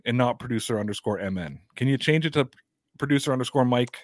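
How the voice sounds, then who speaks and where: A man hosting a live sports talk show in a loose, chatty, teasing way. His voice sits at an ordinary pitch, recorded close and dry with no room sound. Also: fast, no echo. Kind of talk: casual live show chat.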